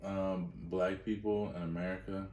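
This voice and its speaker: A man's voice: low-pitched, little pitch movement, normal speed, crowd noise. A man co-hosting a podcast in casual chat, emphatic and opinionated. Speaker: podcast co-host. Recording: echoey room, distant from mic.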